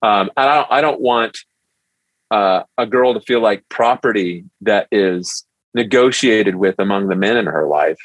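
A man's voice: lowish voice, measured pace, no echo, poor audio. A middle-aged man who is a pastor, guesting on a podcast and telling stories animatedly in a casual interview. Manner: animated storyteller who acts out quotes.

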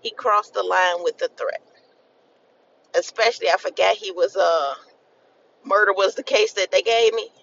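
A high-pitched man with a gravelly, bright edge makes blunt, profane points in casual co-host banter. The recording is dull, with faint noise behind it. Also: moderate pace, long pauses. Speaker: podcast co-host. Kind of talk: casual commentary.

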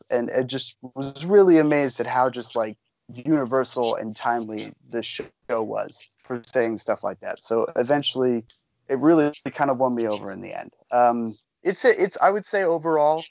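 A man's voice: mid-range voice, vocal fry, a little mellow, no echo, low-quality recording. A man co-hosting a podcast, chatting casually and rambling with lots of fillers. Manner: rambling, enthusiastic, many fillers. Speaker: podcast co-host. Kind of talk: casual chat.

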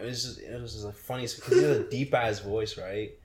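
A man's voice: fairly low pitch, steady tone, fast, darkish tone, echoey room. A young man, a military veteran, swapping profane boot camp stories in casual chat, laughing and chiming in.

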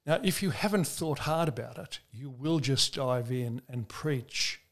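A man from Australia who is a preacher, answering interview questions in a measured, earnest way, slowing down to stress key points. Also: medium pitch, lively intonation. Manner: measured, earnest storytelling with slow emphatic stresses.

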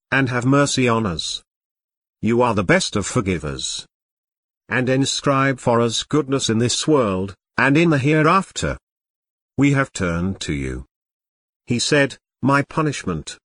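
A man recites scripture in English translation, with slow and solemn pacing. His pitch sits in the middle range. The recording is close and dry, with no room sound. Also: fairly bright tone, no echo. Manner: slow, measured, solemn phrasing.

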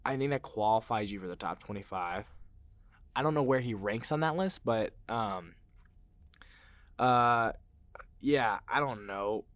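A man's voice: lowish voice, unhurried, long pauses, no room sound. Rambling opinionated man. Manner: rambling, opinionated, lots of fillers and restarts; gets worked up and loud when ranting. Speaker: podcast host. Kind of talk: casual sports podcast monologue.

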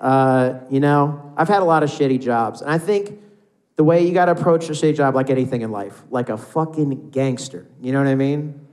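A man's voice: medium pitch, brisk, a little mellow. An American man performing a stand-up comedy set on a live club stage, rambling loosely and acting out voices.

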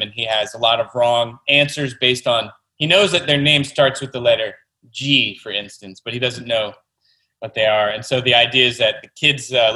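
A man's voice: mid-range voice, bright, forceful tone, rough recording. A man, a children's book author, chatting enthusiastically as an interview guest. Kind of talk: casual interview talk.

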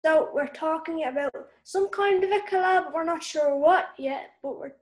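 High-voiced upbeat woman chatting. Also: moderate pace. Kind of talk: casual chat.

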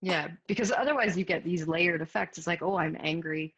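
A woman host with a very low voice speaks in a quick, wry manner, acting out bits of looping self-talk. The recording sounds dull and lo-fi. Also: fairly bright tone, husky. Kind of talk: conversational interview.

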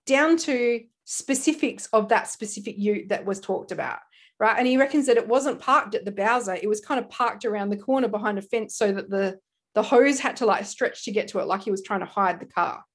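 Animated Australian woman telling a crime story. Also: mid-range voice, brisk. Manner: animated storyteller, laughs often, slips into quoted voices. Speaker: podcast co-host. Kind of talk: casual true-crime podcast chat.

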